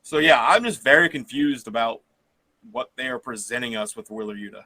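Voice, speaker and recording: A man's voice: mid-range voice, lively intonation, a little fast, sharp tone, no echo. A man co-hosting a podcast, chatting casually about wrestling in a rambling way with frequent laughs. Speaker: podcast co-host. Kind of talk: casual wrestling review chat.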